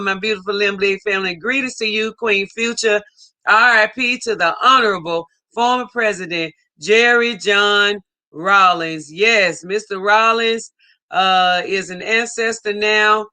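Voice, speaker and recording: A woman hosting a casual livestream, warmly greeting viewers by name and reading out their chat messages. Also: medium pitch. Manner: warm, effusive greetings, reading out chat names. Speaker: livestream host. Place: home in Ghana.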